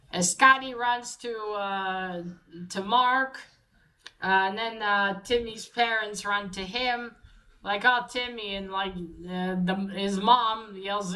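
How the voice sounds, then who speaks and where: A woman casually recapping a story aloud, halting with many fillers and restarts. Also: medium pitch, pushed and bright, rough recording.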